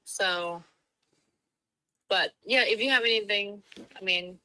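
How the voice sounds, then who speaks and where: Bright-voiced woman, brief and matter-of-fact. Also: medium pitch, slow pace, rough recording. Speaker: home builder on a phone call. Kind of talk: casual phone conversation.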